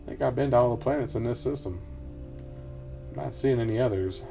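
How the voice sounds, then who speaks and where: A middle-aged man gives casual, rambling commentary while playing a game. His voice is mellow and average in pitch, and his easygoing manner is broken by frequent quiet chuckles. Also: fairly quick, creaky, faint music behind. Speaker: gameplay commentator. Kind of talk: casual let's-play commentary.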